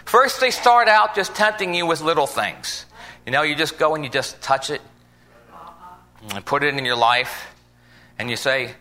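A man's voice: medium pitch, lively intonation, normal speed, pushed and bright. A man preaching an informal sermon in a folksy, conversational way, acting out little scenes as he goes.

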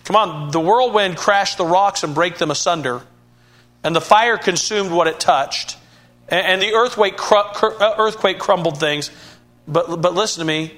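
Bright-voiced earnest male preacher. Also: high voice, normal speed. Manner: earnest, repeats words and restarts, rising to emphatic bursts. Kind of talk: sermon.

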